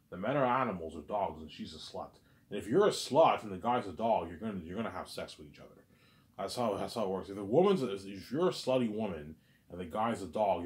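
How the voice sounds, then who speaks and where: A man's voice: low voice, darkish tone. A man delivering a rambling, agitated vlog monologue, stammering and repeating himself. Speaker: vlogger.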